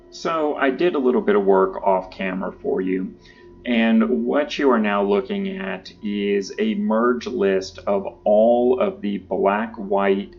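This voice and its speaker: A man hosting his own channel, talking through card decks in a casual, relaxed way with lots of uh and um fillers. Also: fairly low pitch, slow pace, slight background noise. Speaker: YouTube channel host. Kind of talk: casual deck-building commentary.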